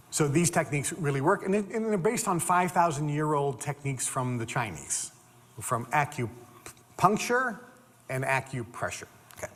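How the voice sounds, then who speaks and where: An older man giving an animated storytelling talk as a motivational speaker, repeating words and acting out the people in his stories. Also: medium pitch. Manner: animated, repeats words, acts out quoted dialogue. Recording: long reverb of a hall.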